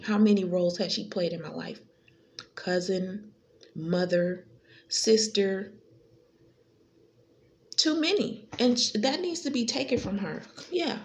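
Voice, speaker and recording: Woman tarot vlogger, gravelly and combative, a faint hiss behind her. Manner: confrontational, repetitive, swings between high and low pitch. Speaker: tarot reader. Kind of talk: direct-to-camera tarot reading.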